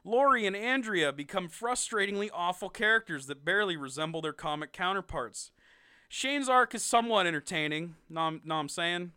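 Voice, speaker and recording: A young man co-hosting a podcast, reviewing a ranked list of TV seasons in a sarcastic, animated way with frequent laughs. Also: high voice, normal speed, clean tone, no echo, clean studio sound. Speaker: podcast co-host. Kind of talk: casual ranking review chat.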